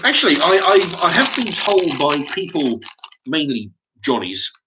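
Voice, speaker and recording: A middle-aged man with an English accent, talking in a halting, rambling monologue to his channel's viewers, often stumbling and repeating his words. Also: on the high side, big pitch swings, heavy background noise. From England. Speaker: YouTube channel host.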